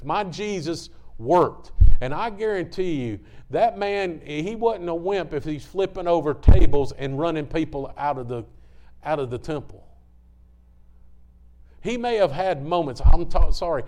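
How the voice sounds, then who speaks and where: Fervent preacher man, fairly high. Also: a little mellow. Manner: fervent, folksy, keeps apologizing for tangents. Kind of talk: sermon.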